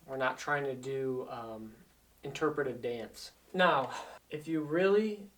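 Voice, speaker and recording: A man's voice: medium pitch, slow pace, recorded from a distance. Earnest man coaching, a bit off-mic. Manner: earnest coaching, repeats himself to stress points. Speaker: life coach. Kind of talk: motivational talk to camera.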